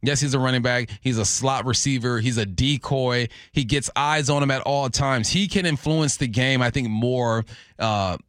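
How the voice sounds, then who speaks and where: A man's voice: medium pitch, normal speed, no room sound, studio quality. Laid-back male sports radio co-host. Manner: relaxed, opinionated, laughs easily. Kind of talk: casual sports talk. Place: radio studio.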